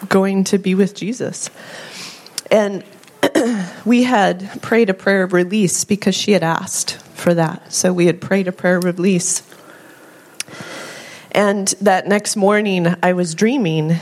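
Woman telling her testimony at church, slow and heartfelt, little laughs here and there. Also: fairly low pitch. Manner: heartfelt, earnest, with frequent soft laughs. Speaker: congregation member sharing a testimony. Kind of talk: spoken testimony.

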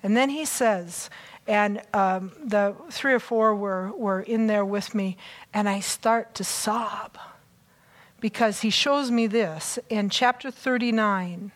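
A woman preaching a conversational sermon, chatty and excitable, with self-mocking asides. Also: mid-range voice, slow pace.

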